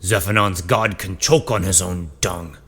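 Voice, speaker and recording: A man voicing a brutish, defiant male prisoner with a deep, gruff voice. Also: a little slow, a bit bright, full character voice.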